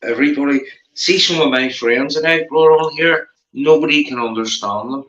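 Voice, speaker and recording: A man's voice: on the high side, moderate pace, fairly bright tone. A man with a Belfast accent chatting casually on a live stream, rambling, swearing and laughing often. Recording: roomy, dull lo-fi sound.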